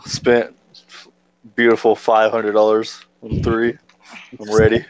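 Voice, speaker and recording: A man's voice: lowish voice, monotone, slow, no echo, poor audio. A man co-hosting a casual podcast chat, laid-back and bluntly swearing. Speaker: podcast co-host.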